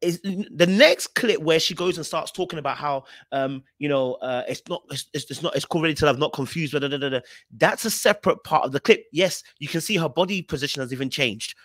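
A man's voice: a little high, a little fast, fairly bright tone, dry recording, studio quality. A man with a British accent hosting a podcast, giving emphatic, repetitive commentary on reality TV clips. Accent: British English.

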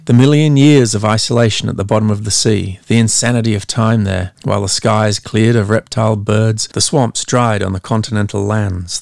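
A man narrating a story in a measured, dramatic way. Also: fairly low pitch, gravelly, darkish tone, no room sound, clean studio sound. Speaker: audiobook narrator.

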